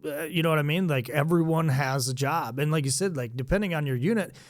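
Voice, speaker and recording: A podcast host reflecting in casual conversation, often adding "you know what I mean". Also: male voice, a little high, fast, dry recording, studio quality. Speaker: podcast host, former Marine.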